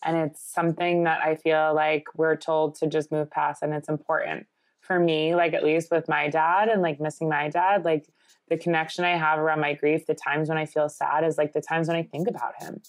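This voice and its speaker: Low-voiced earnest woman host. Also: little pitch movement, moderate pace, dry recording. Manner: earnest and effusive, piling up clauses. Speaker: podcast host. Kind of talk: casual conversational interview.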